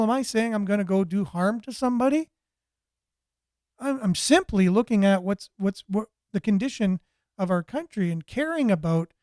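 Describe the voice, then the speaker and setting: A man's voice: sits high, darkish tone, no room sound, studio quality. A man hosting a commentary show, ranting sarcastically with a stream of rhetorical questions. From Canada. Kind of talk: political commentary monologue.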